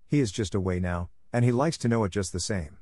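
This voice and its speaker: Male narrator as a kind minister's wife, soft and soothing, low-voiced, dry close sound. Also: lively intonation, quick pace, no room sound. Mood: gentle. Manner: gentle, soothing.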